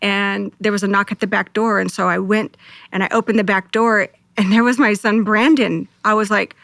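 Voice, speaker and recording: A woman co-pastor speaks with a gravelly, textured edge to her voice, recounting her testimony earnestly. Her voice sits at a middle pitch, and the recording is close and dry with no room sound. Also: steady tone, normal speed, a bit bright, no echo. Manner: earnest, heartfelt storytelling with quoted prayers. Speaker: co-pastor and guest. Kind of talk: emotional personal testimony.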